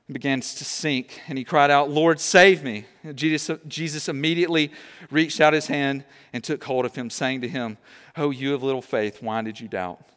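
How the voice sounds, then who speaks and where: A young man preaching a sermon, animated and conversational, often checking in with "okay?". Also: mid-range voice, smooth, big-room sound. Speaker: pastor.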